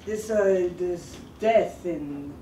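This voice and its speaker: A woman voicing a mysterious female street psychic who speaks in a slow, hushed, portentous way. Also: fairly low pitch, slight background noise. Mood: ominous. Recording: roomy sound from a distant mic.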